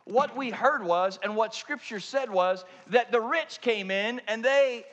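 A man preaching a sermon as pastor, dramatic, swinging between loud stretches and hushed ones. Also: extremely high pitch, unhurried, lo-fi sound, slight background noise. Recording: long hall reverb.

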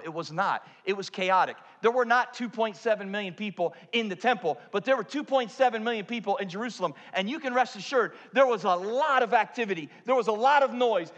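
Man, pastor, sermon, high voice, dramatic, loud then hushed, long hall reverb.

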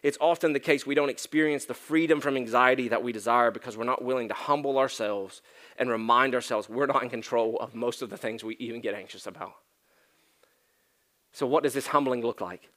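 A man preaching a sermon to his church, talking conversationally, with emphatic rises and hushed drops. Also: mid-range voice, brisk. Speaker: pastor.

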